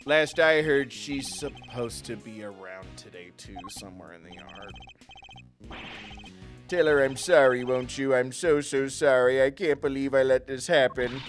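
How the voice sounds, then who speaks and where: A man voicing a gentle, timid male prisoner in a video game, soft and hesitant. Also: medium pitch, a little slow, soft background music, pitched below the performer's own voice, close to an everyday voice. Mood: sorrowful.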